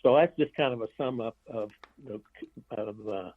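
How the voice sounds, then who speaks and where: A man talking down a tinny, narrow phone line, dry and close with no room sound. He speaks bluntly and keeps stopping to restart his phrases, at a middling pitch. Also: moderate pace, no echo. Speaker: author and guest. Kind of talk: interview over the phone.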